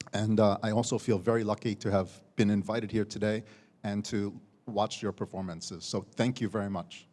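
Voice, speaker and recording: A warm, lowish voice with fairly even intonation belongs to an American university teacher judging a competition, speaking at normal speed. As he gives student contestants feedback, he repeats words and closes phrases with "okay?", all in a long-reverb hall.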